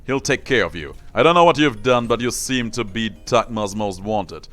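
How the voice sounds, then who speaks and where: A man's voice: lowish voice, animated, moderate pace, fairly bright tone. Man reading as a friendly stowaway ally. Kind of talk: reading game dialogue aloud.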